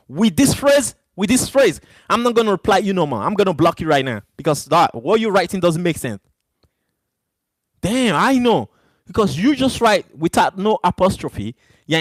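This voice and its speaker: Arguing with his chat in a heated, repetitive way, the same livestream host speaks in a voice that sits high, with no echo. He is not a native English speaker.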